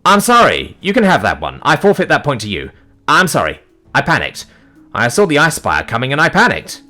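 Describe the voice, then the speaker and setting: A man's voice: on the high side, wildly swooping pitch, moderate pace, fairly bright tone, faint music behind, voice pushed up, heavily acted. A man voicing a sheepish young male wizard who rambles through nervous apologies.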